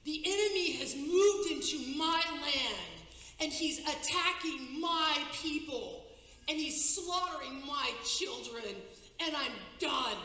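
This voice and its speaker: A woman voicing the angry, thundering voice of God, making slow, booming declarations in a roaring tone. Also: bright, forceful tone, heavily acted. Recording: echoey hall, faint noise.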